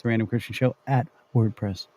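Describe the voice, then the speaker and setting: A man's voice: on the low side, fairly even intonation, brisk, dark tone, no room sound. A man co-hosting a casual live show from his home studio, rambling and joking around. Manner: joking, rambling, tries silly British voice. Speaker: podcast co-host. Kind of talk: casual chat.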